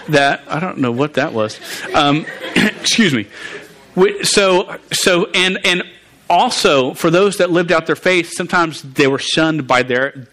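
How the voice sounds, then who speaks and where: A man's voice: fairly high pitch, sharp tone. A man preaching a conversational sermon, often stumbling and restarting words and asking the congregation questions. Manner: halting, frequent stumbles and restarts, asks the audience questions.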